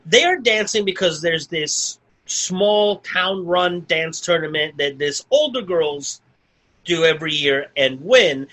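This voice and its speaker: A man with a bright, slightly high voice, talking casually through a movie plot on a podcast. He rambles, circles back, and fills his sentences with "like" as he goes. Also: poor audio. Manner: rambling, full of "like" and restarts. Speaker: podcast co-host. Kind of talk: casual movie review chat.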